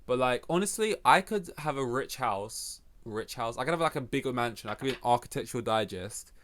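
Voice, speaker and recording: A man's voice: medium pitch, expressive, a little fast, a bit bright. Young English male podcast host, rambling and profane, talks in loose self-mocking asides. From England. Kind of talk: casual solo podcast rant.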